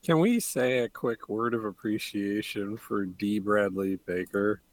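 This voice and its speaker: Guy co-hosting a podcast, blunt quick comments, dry close sound. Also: on the low side, no room sound. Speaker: podcast co-host. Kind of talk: casual chat.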